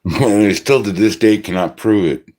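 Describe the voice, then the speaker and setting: A man's voice: on the low side, moderate pace, darkish tone, a little hiss or hum. A middle-aged man ranting profanely on a livestream, agitated and scoffing. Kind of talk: ranting monologue.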